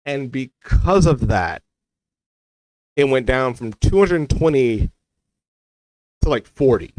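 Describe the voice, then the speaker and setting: A young man speaks straight to his viewers about his own life, drifting from thought to thought with lots of "like" and "you know". His voice sits at an ordinary middle pitch. The sound is dry and close, with no room around it. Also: animated, slow, a little mellow, no echo, poor audio. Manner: rambling, heavy use of "like" and "you know". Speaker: vlogger. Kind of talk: personal storytelling monologue.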